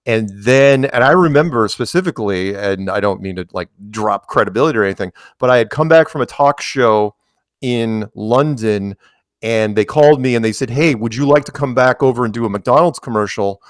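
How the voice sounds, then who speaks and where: A man's voice: mid-range voice, fairly quick, no echo, clean studio sound. A man in casual conversation, telling long stories with many restarts and acted-out quotes. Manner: rambling, restarts, acts out quoted dialogue. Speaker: interview guest.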